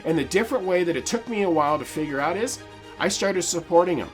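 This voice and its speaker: A man's voice: high voice, animated, quick pace, soft background music. A man in his forties hosting a podcast, talking earnestly and emphatically in a personal monologue, with frequent restarts. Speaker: podcast host.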